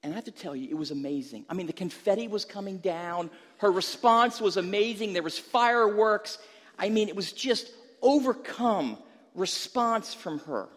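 A man's voice: sits high, lively intonation, normal speed, a bit bright, in a large hall. A male pastor preaching a sermon, telling a humorous story and then pressing an emphatic question to the listeners.

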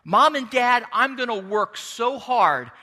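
A man's voice: high voice, very animated, measured pace, pushed and bright, in a large hall, exaggerated voice. A man doing an eager, gushing young son. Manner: gushing, people-pleasing.

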